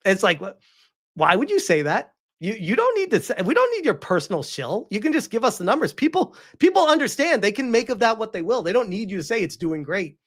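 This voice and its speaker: Animated, swearing woman streamer. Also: mid-range voice, brisk. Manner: animated, incredulous ranting with frequent swearing. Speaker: streamer host reading viewer donations. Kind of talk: casual livestream commentary.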